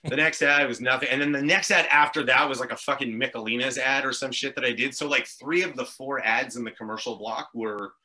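A man's voice: medium pitch, fairly even intonation, a little fast, hardly any pauses, bright, forceful tone. A man from Montreal telling long, tangential stories in casual chat, swearing freely as he goes. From Montreal, Canada. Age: adult with three children. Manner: rambling, tangential storytelling with frequent swearing. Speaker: podcast guest, actor.

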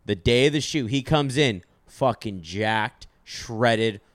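A young man hosting a casual chat, telling stories in an animated, profane way and acting out quotes. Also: medium pitch, slow pace, no echo.

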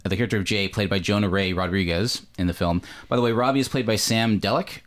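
A man's voice: on the low side, fast talker, few pauses, fairly bright tone. A Canadian man hosting a podcast, chatting casually about a film with lots of fillers and self-corrections. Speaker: podcast host. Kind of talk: casual movie discussion.

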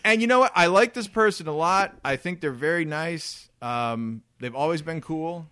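A man's voice: on the high side, a little slow, smooth, no room sound, clean studio sound. A man co-hosting a casual podcast, ranting and laughing as he leads the topics. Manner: ranting, laughs often, animated. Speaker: podcast co-host leading topics.

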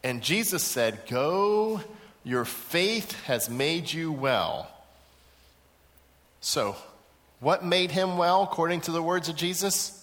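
Man, middle-aged, pastor, animated sermon, acts out scenes, slightly high voice, long hall echo. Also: slow pace, pauses often. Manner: animated storytelling, acting out little scenes and repeating key points. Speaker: pastor teaching a Bible lesson. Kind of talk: sermon to a live group. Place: large room with a seated audience.

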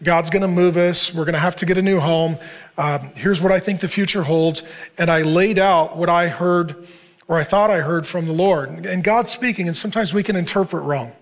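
A man's voice: high voice, moderate pace. Earnest storytelling male pastor. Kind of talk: sermon to a men's group.

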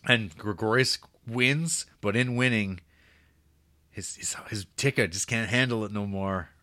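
A man's voice: on the low side, unhurried, bright, forceful tone, dry recording, studio quality. A man co-hosting a casual film podcast, talking loosely with lots of fillers and swearing. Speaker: podcast co-host.

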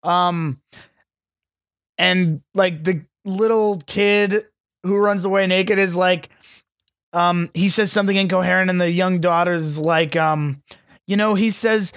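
Man, high voice, chatty, swears a lot, dry close recording. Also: fairly even intonation, slow, fairly bright tone, smooth, dry recording. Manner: chatty, profane, playfully sarcastic. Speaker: podcast co-host. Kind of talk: casual movie recap chat.

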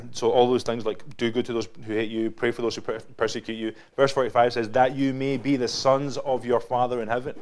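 A man's voice: mid-range voice, a little mellow. A man with a Scottish accent preaching a casual, conversational sermon, often checking in with "right?" and "yeah?". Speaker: pastor. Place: church building.

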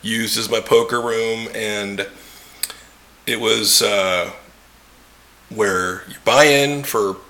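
A man's voice: on the low side, steady tone, slow, gravelly, pauses often, pushed and bright. A man hosting a casual podcast chat, swearing casually and backing up his guest. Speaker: podcast host.

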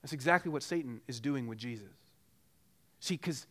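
A man's voice: mid-range voice, a little fast. A man preaching a sermon as pastor, earnest and pressing with repeated rhetorical questions.

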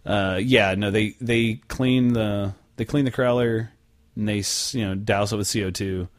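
A man's voice: on the low side, fairly even intonation, a little slow. Rambling, profane young man on a podcast. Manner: rambling, profane, jokey storyteller. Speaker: podcast host. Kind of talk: casual podcast banter.

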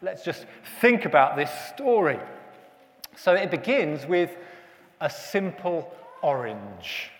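A man's voice: a little high, sing-song, slow, in a large hall. A man leading a family church service, talking chattily with children and asking them questions. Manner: chatty, asks children questions, many restarts. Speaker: pastor.

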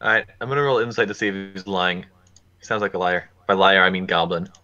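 A man plays in a tabletop game, asking questions in a hesitant way full of fillers. His voice is bright and forceful. The recording sounds dull and lo-fi. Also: deep voice, steady tone, fast. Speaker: player. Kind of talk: casual tabletop play.

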